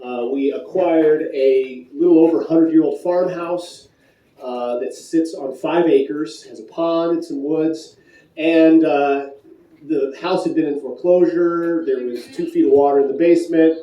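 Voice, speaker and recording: A man's voice: a little high, steady tone, measured pace, warm tone. A man from Michigan giving a playful, pun-filled talk at a conference, chatting with the audience. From Michigan, USA. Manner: punning, playful, chatty with the crowd. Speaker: conference speaker. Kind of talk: joking live talk to an audience. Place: conference hall. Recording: echoey hall from far off.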